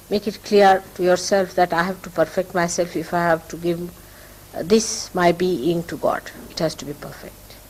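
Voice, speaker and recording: A woman's voice: mid-range voice, low-quality recording. An older woman with an Indian accent giving a spiritual talk to followers, emphatic and repeating key phrases for stress. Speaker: spiritual teacher.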